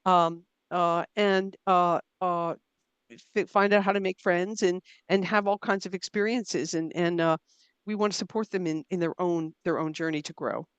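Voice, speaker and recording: A woman's voice: fairly low pitch, fairly even intonation, moderate pace, smooth, dry recording, highs cut off. A middle-aged woman, an author and writing coach, answering interview questions in a thoughtful, self-deprecating way with fillers and restarts. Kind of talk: conversational interview.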